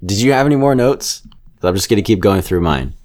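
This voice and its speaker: This man's voice is very low and deep, animated, and a little mellow. As a podcast co-host reviewing a film, he rambles casually from point to point with blunt opinions, now and then doing quick character impressions.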